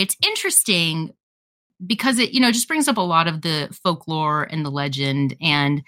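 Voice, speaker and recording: A woman co-hosting a casual podcast, chatting enthusiastically about what to watch. Her voice sits low but swings widely, with a bright, forceful edge. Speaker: podcast co-host recommending films.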